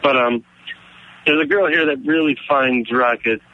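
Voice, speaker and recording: A man's voice: medium pitch, moderate pace. A male radio caller speaking hesitantly on the phone, full of fillers. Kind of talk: phone-in chat. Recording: dull phone call, faint noise.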